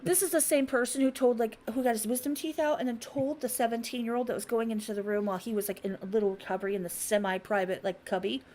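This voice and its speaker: A woman's voice: on the high side, quick pace, few pauses, a little hiss or hum. A woman hosting a casual podcast, telling a story bluntly and profanely, acting out the voices of the people in it. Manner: animated storyteller who acts out quoted voices. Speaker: podcast host.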